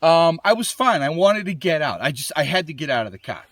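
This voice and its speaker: A man casually telling a personal story to camera, animated and rambling, with lots of restarts and fillers. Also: on the high side, a little fast, no echo, clean studio sound. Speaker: gear reviewer telling his accident story. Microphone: small camera mic.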